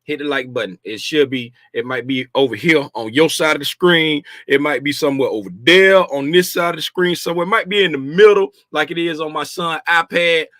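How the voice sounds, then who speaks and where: Fairly quick and barely pausing, a middle-aged man talks in a high, pushed, bright voice while hosting a relaxed livestream about trading from a home room. He's folksy and playful, shouting out viewers by name, and the sound is clean studio quality with no room sound.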